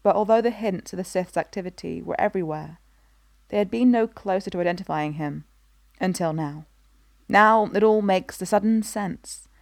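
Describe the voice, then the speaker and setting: A woman reading a story aloud in an even, measured narration. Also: lowish voice, no room sound, studio quality. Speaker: reader. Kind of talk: scripted narration of a fan story.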